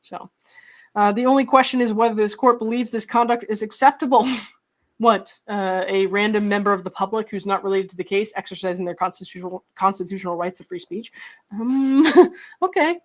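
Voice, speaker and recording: A woman's voice: medium pitch, fairly quick. Sarcastic woman commentating. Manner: sarcastic, laughing asides. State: hiccups. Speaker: channel host. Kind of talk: casual commentary reading court documents.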